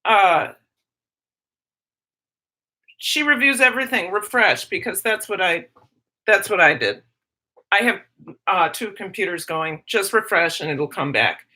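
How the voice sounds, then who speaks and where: A woman hosting a casual live stream, chatting excitedly and greeting viewers by name. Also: medium pitch, measured pace, pauses often.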